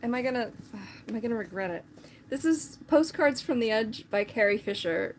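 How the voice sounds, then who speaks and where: A woman's voice: a little high, animated, moderate pace, slight background noise. A woman chatting casually on a live stream, rambling with lots of filler words.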